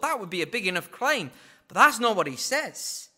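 With big pitch swings, a moderate pace, and a pushed, bright tone, a man teaches the Bible verse by verse. He acts out quoted lines and adds wry asides.

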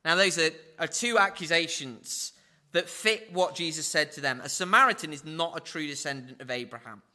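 A man's verse-by-verse Bible teaching comes at a moderate pace in a bright, forceful tone. Quoted lines get theatrical pitch swings, and wry asides pop up between them.

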